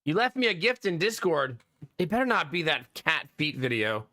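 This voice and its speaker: A man streaming live, telling a story casually to his chat in an animated, exasperated way and laughing often. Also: fairly high pitch, moderate pace. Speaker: live streamer chatting with viewers.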